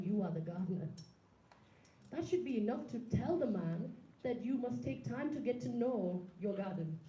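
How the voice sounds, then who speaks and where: A woman's voice: mid-range voice, mellow, slight background noise. A woman in her thirties giving a public talk, speaking earnestly and directly, putting questions to the audience. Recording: echoey room, slightly dull sound.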